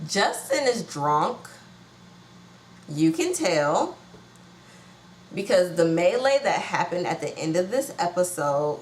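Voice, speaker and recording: A woman hosting a casual reality TV watch-along, gossipy and animated, with slangy bursts of outrage. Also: on the low side, slight background noise. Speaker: reality TV recap host. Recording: echoey room with faint ambience.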